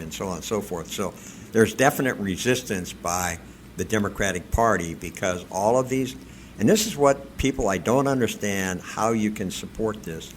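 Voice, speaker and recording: A man with a lowish voice co-hosts a talk radio show and speaks in a plain, opinionated way. He talks conversationally, with a faint layer of background ambience behind him. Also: moderate pace, a little hiss or hum. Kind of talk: casual talk radio chat.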